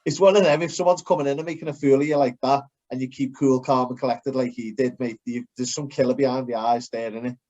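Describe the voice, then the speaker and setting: A man's voice: mid-range voice, steady tone, fast talker, few pauses, a little mellow, lo-fi sound. A man chatting as a podcast co-host, rambling loosely and calling people "mate" and "lad". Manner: rambling, laddish, says "mate" and "lad" a lot. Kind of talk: casual sports podcast chat.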